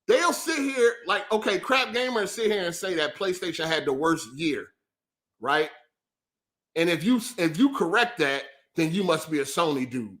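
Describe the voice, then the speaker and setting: A man's voice: a little high, normal speed. A man hosting a live gaming podcast, ranting heatedly and profanely while answering chat. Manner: profane, animated, talks back to chat. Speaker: podcast host. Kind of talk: heated live-stream rant.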